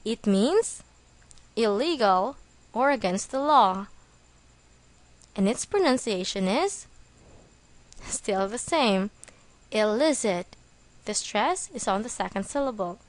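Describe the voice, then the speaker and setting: A woman reading a scripted English vocabulary lesson, slow and deliberate, spelling words out letter by letter. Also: mid-range voice, lively intonation. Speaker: English teacher.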